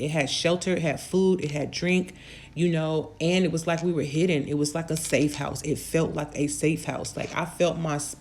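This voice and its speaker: A woman's voice: sits low, a little mellow, a little hiss or hum. A woman telling a personal story in a casual, rambling way, with many fillers and restarts. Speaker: channel host.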